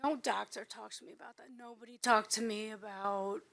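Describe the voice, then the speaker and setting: A woman in the audience takes the microphone and speaks haltingly, her feelings close to the surface. Her voice is bright and forward, and she sits at a middle pitch. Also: steady tone, creaky. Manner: halting and emotional. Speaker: audience member. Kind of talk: audience comment at a live panel.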